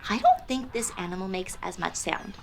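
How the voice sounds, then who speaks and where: A woman's voice: lowish voice, normal speed, vocal fry, noisy background. A young woman hosting a toddler learning show, playful and exaggerated, spelling words letter by letter with laughs and gasps. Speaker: children's educational host. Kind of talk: slow, sing-song toddler teaching with animal sounds.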